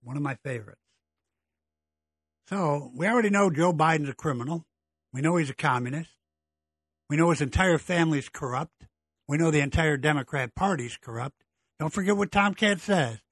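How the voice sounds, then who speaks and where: A man's voice: on the high side, normal speed, long pauses, husky, dry recording. A middle-aged man hosting a blunt, exasperated political monologue, ranting about government and politicians. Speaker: political commentary host.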